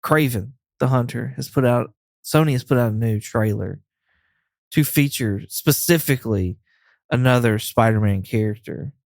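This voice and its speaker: A man's voice: medium pitch, moderate pace, vocal fry, a little mellow, no room sound, studio quality. A man co-hosting a podcast who teases his partner and laughs easily in casual chat. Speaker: podcast co-host.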